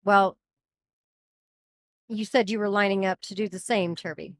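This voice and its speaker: A woman narrating a tabletop game as game master and host, lively and welcoming toward a live audience. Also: medium pitch, unhurried, no echo, clean studio sound. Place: live show at a cafe venue.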